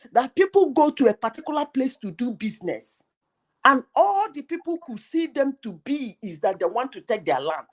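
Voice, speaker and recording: A woman's voice: medium pitch, slightly rough. A woman hosting a heated live debate, insistent and emphatic, firing rhetorical questions. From Nigeria.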